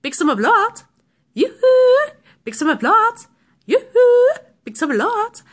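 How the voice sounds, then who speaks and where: A woman voicing an overly cheerful male shopkeeper with a sing-song sales pitch. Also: big pitch swings, slow pace, exaggerated voice. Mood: chirpy.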